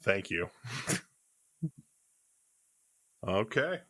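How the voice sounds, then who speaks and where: A man playing a tabletop game, speaking in a hesitant, halting way. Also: deep voice, sing-song, fairly bright tone, no echo. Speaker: player. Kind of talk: tabletop role-play.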